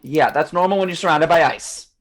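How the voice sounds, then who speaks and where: A man reading the part of a steady, awkward man rescuing a woman, in a calm, reassuring, slightly sheepish way. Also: fairly high pitch, a little fast, close to an everyday voice. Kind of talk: amateur online script reading.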